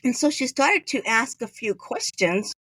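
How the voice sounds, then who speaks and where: A woman's voice: on the high side, animated, measured pace, a bit bright, slightly rough, dry recording. A woman from Hawaii, a podcast guest, telling a story in a casual chat and acting out the lines of the people in it. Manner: chatty, acts out quoted dialogue.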